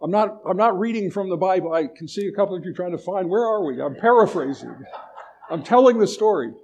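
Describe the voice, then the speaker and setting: At a retreat, a man gives a sermon in a high, expressive, darkish voice, speaking briskly. He retells a story in conversational fashion with many restarts of his phrases. There is slight background noise.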